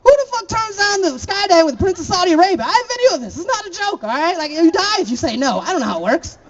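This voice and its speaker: A man's voice: very high-pitched, very animated, fast, dull audio, background noise. A young man from Florida doing a stand-up set, laughing at his own jokes and throwing chatty asides to the crowd. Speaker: stand-up comedian.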